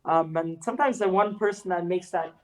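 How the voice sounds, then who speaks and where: A woman's voice: lowish voice, fairly quick, low-quality recording. A young woman from Canada, a guest in a casual interview, talking loosely with lots of slang, fillers and swearing. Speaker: guest, fitness trainer and artist.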